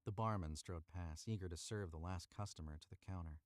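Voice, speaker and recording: Here a man with a low-pitched voice talks a little fast, in studio-quality audio with no room sound. Streaming from a cramped booth, the voice actor reads a story, chats to viewers, and redoes lines he flubs.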